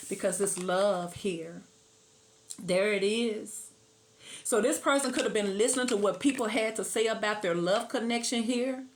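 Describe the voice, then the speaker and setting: A woman's voice: medium pitch, slight background noise. A middle-aged woman giving a casual tarot reading to camera, chatty, laughing often and sometimes breaking into song. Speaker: tarot reader.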